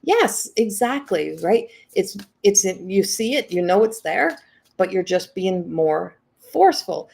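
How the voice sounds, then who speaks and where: A woman's voice: mid-range voice, lively intonation, measured pace, gravelly, a little mellow. A middle-aged woman hosting a live-stream energy reading, reflective and repeating her phrases as she goes. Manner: reflective, repeats phrases, reads viewer comments. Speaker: psychic reading host.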